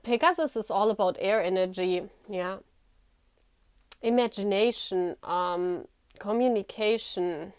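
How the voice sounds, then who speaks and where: A woman's voice: medium pitch, unhurried, clear, resonant tone, no echo, clean studio sound. A woman giving a casual tarot reading straight to the viewer, chatty and reassuring, laughing often and leaning on "you know". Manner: talks directly to the viewer, repeating "you know". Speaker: tarot reader.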